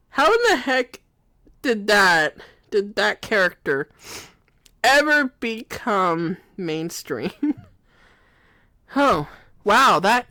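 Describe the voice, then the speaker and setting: A woman's voice: mid-range voice, a bit bright, dry recording. A woman talking in a rambling comic monologue, constantly laughing through her words and apologizing. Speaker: video creator.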